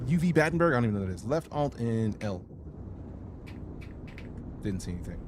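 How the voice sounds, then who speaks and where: A man's voice: lowish voice, lively intonation, fast talker, long pauses, faint music behind. A man from Chicago streaming a space game, chatting casually and rambling with jokes and profanity. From Chicago, United States. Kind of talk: casual gaming livestream chat.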